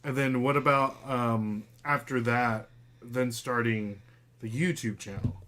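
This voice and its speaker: A man's voice: mid-range voice, steady tone, slow, fairly bright tone. Chatty man hosting a casual podcast. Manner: loose and chatty, many fillers, talks to his dog. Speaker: podcast host. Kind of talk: casual live podcast chat.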